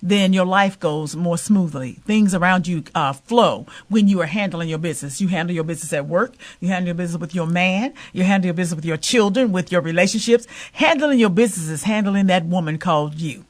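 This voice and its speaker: A woman's voice: lowish voice, a little fast, hardly any pauses. A middle-aged woman, an interview guest, telling stories emphatically and acting out the people she quotes. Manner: animated, acts out quoted voices. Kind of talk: interview storytelling.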